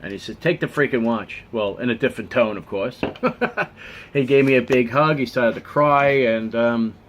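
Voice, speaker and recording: A man's voice: mid-range voice, normal speed, slight background noise. A man telling a personal story in a casual vlog, earnest and rambling. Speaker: vlogger.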